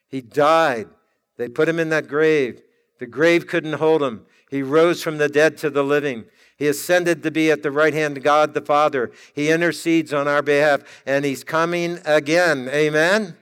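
A man with a high-pitched voice preaches a sermon, stretching his words out for emphasis and pausing for effect. His voice rings through a reverberant church hall. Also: steady tone, a bit bright, clear, resonant tone. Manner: emphatic, drawn-out preaching with dramatic pauses.

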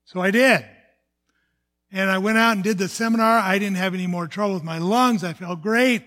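A man's voice: sits high, normal speed, bright, forceful tone. An older man from the United States, a pastor, telling a personal testimony in an earnest storytelling sermon, often restarting his sentences.

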